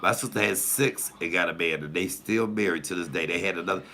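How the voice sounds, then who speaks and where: Sex: man. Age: 50s. Style: casual comic storytelling, gravelly and bright, animated, with high loud outbursts. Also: fast. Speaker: comedian storyteller.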